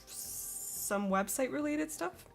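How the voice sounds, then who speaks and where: A woman's voice: sits high, animated, takes it slowly, vocal fry, soft background music. Giggly young woman chatting on stream. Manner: giggly, chatty, frequent laughs. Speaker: streamer drawing and reading chat. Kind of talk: casual live-stream chat. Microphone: desk microphone.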